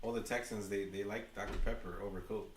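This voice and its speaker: Excitable man with a New York accent. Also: lowish voice, fairly quick, echoey room, far from the mic, slight background noise. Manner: chatty, excitable, talks to chat. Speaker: livestream host. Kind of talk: fan watch-along commentary.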